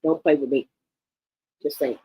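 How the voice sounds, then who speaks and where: A woman's voice: a bass voice, steady tone, a little slow, dark tone, slightly rough, rough recording. Blunt fifty-something woman. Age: 50s. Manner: blunt, emphatic, repeats words. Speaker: livestream host. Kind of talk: unscripted livestream commentary.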